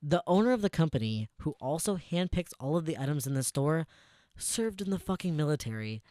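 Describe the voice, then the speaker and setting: A man's voice: a little high, very animated, fairly quick, dark tone, no room sound. A young man talks into a close podcast mic, dry and near with no room sound. He retells a work story casually and sarcastically, swearing freely. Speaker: podcast co-host.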